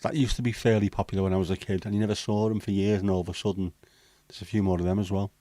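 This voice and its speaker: A man's voice: fairly low pitch, little pitch movement, very fast, warm tone, no room sound. A middle-aged man hosting a casual livestream chat, reading out viewer comments and answering them bluntly, swearing freely. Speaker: livestream host.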